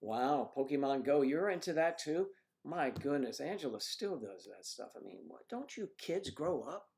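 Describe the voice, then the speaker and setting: An older man hosting a livestream, chatting casually through rambling anecdotes with frequent restarts and throat clearing. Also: on the high side, sing-song, moderate pace, a little mellow. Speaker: livestream host. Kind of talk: casual chat reading viewer comments. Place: home livestream setup.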